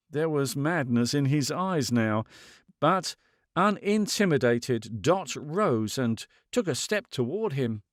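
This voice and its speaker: Slow, expressive male audiobook narrator. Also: medium pitch, no room sound, studio quality. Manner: measured, dramatic reading. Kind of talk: scripted narration of a classic novel.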